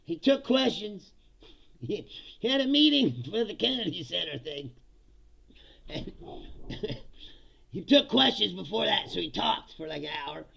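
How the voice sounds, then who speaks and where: A man's voice: sits high, big pitch swings, unhurried, gravelly, pauses often, sharp tone, breathy edge, lo-fi sound. A man hosting a political comedy show, ranting sarcastically and with lots of swearing in casual livestream commentary while reading out chat comments.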